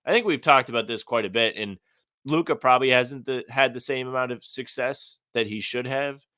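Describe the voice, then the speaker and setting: A man's voice: mid-range voice, fairly quick, sharp tone, no room sound, studio quality. A man co-hosting a casual sports podcast, reading out listener comments and giving blunt opinions. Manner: reads listener comments aloud, opinionated and conversational. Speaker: podcast co-host.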